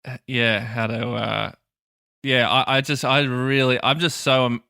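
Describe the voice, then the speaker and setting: A man co-hosting a podcast over a video call in casual chat, earnest and halting as he searches for words. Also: mid-range voice, level tone, vocal fry, bright, forceful tone, clean tone, dry recording, clean studio sound. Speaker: podcast co-host.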